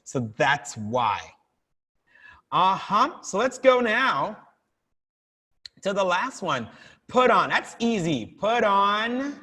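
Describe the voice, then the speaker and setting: A man's voice: high voice, big pitch swings, slow pace, pauses often, bright, forceful tone, husky. A man teaching a live online English class, encouraging and drilling pronunciation with his students. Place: room with lighting setup, filmed on laptop. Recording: reverberant room.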